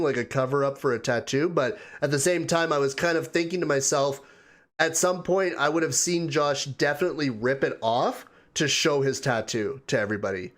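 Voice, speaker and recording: A man's voice: a little high, a bit bright. Chatty male streamer greeting his viewers. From Canada. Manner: chatty, laughs often, greets viewers one by one. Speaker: livestream host. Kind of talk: casual live chat reading viewer comments.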